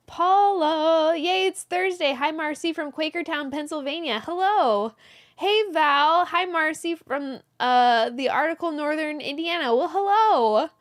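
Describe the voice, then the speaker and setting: High-voiced woman hosting a live stream. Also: a bit bright. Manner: greets viewers by name, reads messages aloud, brief laughs. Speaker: host of a live yarn-shop stream. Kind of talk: live-stream chat, reading viewer comments. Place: indoors, small closet.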